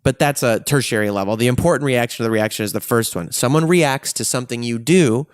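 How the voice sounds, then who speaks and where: A man's voice: mid-range voice, fast talker, clear, resonant tone, dry recording, studio quality. A man speaking in a frank, profane and emotionally intense way, reflecting on himself in a personal monologue. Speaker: vlogger.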